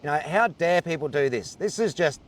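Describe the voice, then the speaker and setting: An Australian man in a full-blown rant, swearing hard and fuming as he talks. His voice sits a little high for a man. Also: expressive, fairly quick, slight background noise. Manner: furious, heavy swearing. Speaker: ranting video poster. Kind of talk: angry rant to camera.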